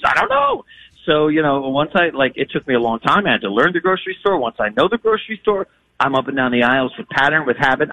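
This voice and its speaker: A man hosting a sports radio show, talking in a fast, energetic, casual way. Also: medium pitch, no echo, phone-quality sound. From Nashville, US South.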